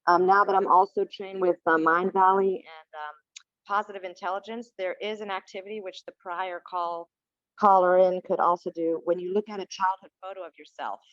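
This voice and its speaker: A woman's voice: on the low side, fairly even intonation, moderate pace, fairly bright tone, no echo. Female caller and coach, earnest and emotional, on a dry, muffled line. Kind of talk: phone-in comment.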